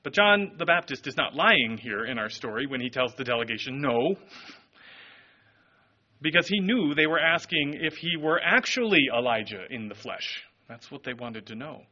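A man preaching a sermon, telling the story in an animated, expressive way. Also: mid-range voice, normal speed, dull audio. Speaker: pastor.

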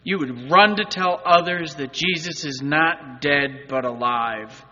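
A male pastor delivers an Easter sermon in a bright, forceful voice that sits a little high. He shifts from loud, urgent appeals to quiet, earnest asides. The sound is muffled, with a long church reverb. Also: a little slow. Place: church sanctuary.

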